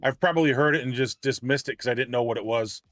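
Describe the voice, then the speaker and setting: A man's voice: mid-range voice, fast, a bit bright, no room sound. Chatty man streaming, dry close sound. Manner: chatty, self-deprecating, stumbles over words. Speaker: game streamer. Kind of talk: casual livestream chat. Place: home streaming setup.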